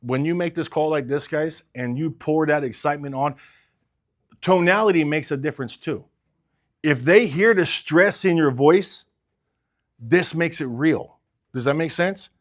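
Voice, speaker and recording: A man coaching car salespeople, talking with energy and urgency and acting out sales calls. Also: on the high side. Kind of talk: sales training talk.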